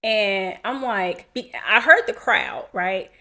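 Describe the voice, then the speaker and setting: A woman in her thirties, a podcast co-host, telling a personal story in an animated, casual way and acting out what people said. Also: medium pitch, slow, vocal fry. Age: 30s. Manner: animated, acts out quotes, laughs while telling.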